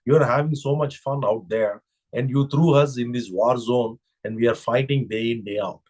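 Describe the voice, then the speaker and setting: A man's voice: mid-range voice, normal speed, a little mellow, natural voice. Weary, plaintive male devotee complaining to God voiced by a man in a spiritual talk, mid-range voice.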